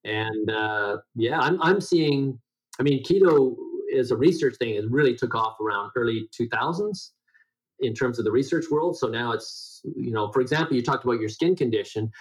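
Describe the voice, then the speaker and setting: A man's voice: expressive, normal speed, poor audio. A middle-aged man with a nasal voice, a guest explaining diet in a conversational interview, rambling with many restarts and fillers. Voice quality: self-described high nasal voice. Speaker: guest health educator.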